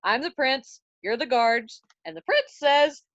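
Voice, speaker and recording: A woman's voice: sits high, lively intonation, unhurried, a bit bright, no echo. A woman voicing a petulant, dramatic young prince in casual slang, on a dry, dull recording.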